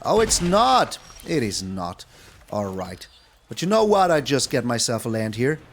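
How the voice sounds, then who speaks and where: A young man giving casual gameplay commentary, playful and taunting, swinging between excited high bursts and low mutters. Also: a little slow. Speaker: game streamer.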